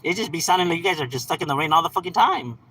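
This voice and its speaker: A man's voice: a little high, animated, rapid-fire, pushed and bright, rough recording. A man hosting a livestream, reading out chat messages and answering in a laid-back, slangy, profane way with frequent laughs. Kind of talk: casual live chat.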